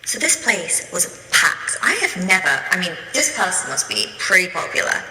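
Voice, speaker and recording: A woman's voice: on the low side, very animated, moderate pace, bright, forceful tone, reverberant, long reverb tail, poor audio. A woman telling a dramatic casual storytime tale.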